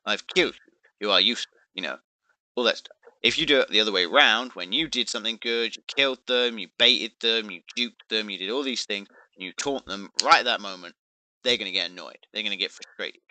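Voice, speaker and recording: A man's voice: on the low side, fairly quick, pushed and bright, no echo, poor audio. A man explaining a game tactic in casual chat, chatty and playful, with restarts. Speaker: gaming video creator.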